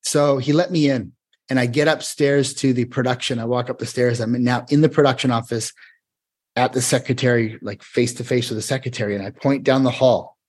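Talking a little fast in a mid-range voice, this guest choreographer spins a lengthy anecdote during casual conversation. He's animated and rambling, often starting over mid-thought.

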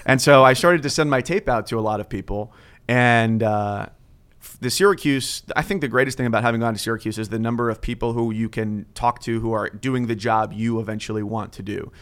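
A man's voice: medium pitch, a little fast, smooth. A man in his thirties, a sports broadcaster telling stories in a casual chat and acting out the voices in them. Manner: animated storyteller, acts out quotes. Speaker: guest sportscaster.

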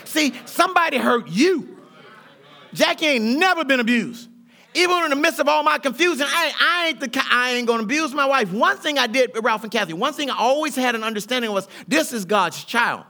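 A middle-aged man preaches a sermon in a church, his voice pitched high and bright. He talks in a loose, colloquial rhythm that keeps building in fervor. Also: animated, a little fast, creaky. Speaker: pastor. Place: church sanctuary.

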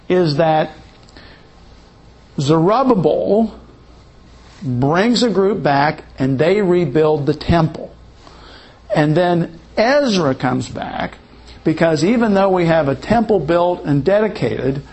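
A man teaching a Bible study lesson in an unhurried, explanatory way, correcting himself as he goes. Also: a little high, darkish tone, breathy edge.

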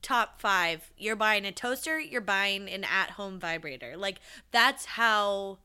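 A woman co-hosting a casual podcast chat, chatty, full of fillers and quick to laugh. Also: medium pitch, lively intonation, sharp tone, clear, resonant tone. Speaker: podcast co-host.

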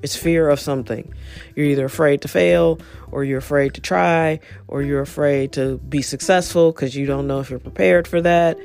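A middle-aged woman talking earnestly in a rambling, reflective podcast monologue about self-talk, with soft music behind. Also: low-pitched, steady tone, moderate pace, gravelly. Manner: earnest, rambling, self-help tone with many "you know"s. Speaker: podcast host.

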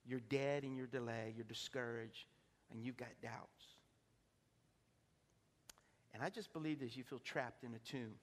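A pastor preaching an impassioned sermon, swinging from hushed to shouting. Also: male voice, mid-range voice, fairly even intonation, a little slow, pauses often. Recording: long reverb of a large hall.

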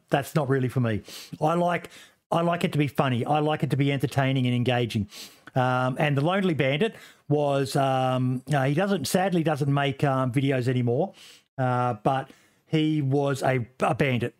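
A man's voice: mid-range voice, moderate pace. A man streamer chatting casually about games, rambling and swearing with lots of fillers and restarts. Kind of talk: casual gaming podcast chat.

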